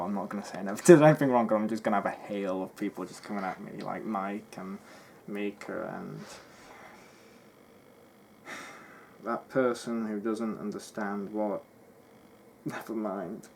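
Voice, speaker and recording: A young man, a YouTuber, in a heated and defensive rant to camera, swearing and swinging between loud outbursts and low mutters. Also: vocal fry, a little hiss or hum.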